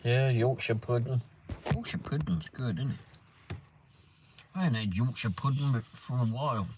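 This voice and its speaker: An English man chats on a casual livestream at an ordinary mid-range pitch. He rambles from topic to topic and answers viewers by name in a loose, easygoing way. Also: lively intonation, normal speed, noisy background. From England. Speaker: livestream host. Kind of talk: casual chat reading live comments. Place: in a car around town.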